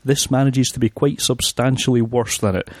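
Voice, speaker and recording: A man's voice: mid-range voice, steady tone, normal speed, no room sound. Scathing male film critic. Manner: scathing, dry sarcasm. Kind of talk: film review chat.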